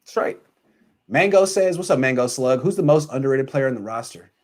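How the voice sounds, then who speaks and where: A man's voice: mid-range voice, animated, brisk, a little mellow. A man hosting a casual sports talk show, ranting animatedly and reading out viewer comments.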